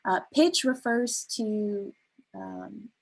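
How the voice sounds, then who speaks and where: A woman leading a beginner spoken word workshop, explaining delivery gently with frequent ums and restarts. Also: medium pitch, wildly swooping pitch, very slow, low-quality recording. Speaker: workshop facilitator.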